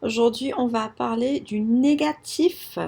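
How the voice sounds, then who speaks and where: A woman French teacher giving a recorded grammar lesson, explaining clearly and mixing English with French examples. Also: on the high side, a little slow, dark tone.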